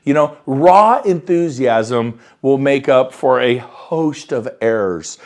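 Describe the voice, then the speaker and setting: A man coaching real estate agents on prospecting, talking with high enthusiasm and acting out quoted phone calls. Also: lively intonation, measured pace, hardly any pauses, darkish tone. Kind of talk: motivational coaching talk. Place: Sacramento area.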